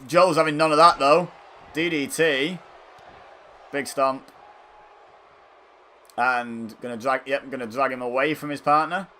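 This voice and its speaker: This man's play-by-play of a wrestling video game is unhurried and full of pauses, his medium-pitched voice fairly even in intonation. He still breaks into loud exclamations before sliding back into dry side comments, and a little hiss or hum sits under the recording.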